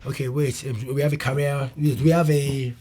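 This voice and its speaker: A young man, a comedian guest, telling a personal story in an interview, animated and loose, with swearing and restarts. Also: medium pitch, moderate pace.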